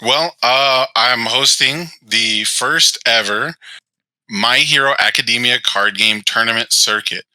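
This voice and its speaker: A man in casual chat as a guest tournament organizer, explaining at a measured pace with many fillers. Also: medium pitch, pushed and bright, no echo, rough recording.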